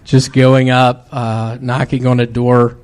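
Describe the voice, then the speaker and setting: A comedian from Memphis doing halting, deadpan stand-up and banter, full of fillers, in a live comedy club. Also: male voice, mid-range voice, clean tone. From Memphis, Tennessee. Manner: halting, hesitant delivery with many fillers. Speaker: comedian guest.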